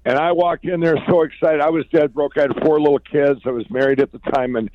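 A man from Minnesota, a company founder and interview guest, telling his story in a rambling, excited way with many restarts. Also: on the high side, fast, highs cut off, slight background noise. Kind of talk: conversational storytelling.

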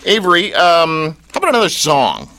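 Lively, bright-voiced radio host. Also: male voice, a little high, a little fast. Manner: teasing, playful, lively. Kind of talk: jokey radio chat.

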